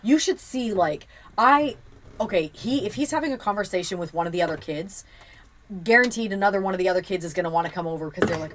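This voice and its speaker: A woman's voice: medium pitch, lively intonation, fast, a little hiss or hum. A woman in casual conversation, supportive, chiming in with agreement and her own side of the story. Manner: supportive listener, frequent agreeing murmurs. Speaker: co-host. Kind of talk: casual chat.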